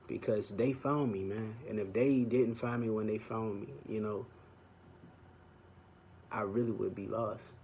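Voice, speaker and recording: Young male vlogger, lowish voice, earnest heartfelt testimony to camera, faint ambience behind. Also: steady tone, a little slow, pauses often, darkish tone, a little hiss or hum. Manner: earnest, heartfelt, fond of "man". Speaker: vlog host.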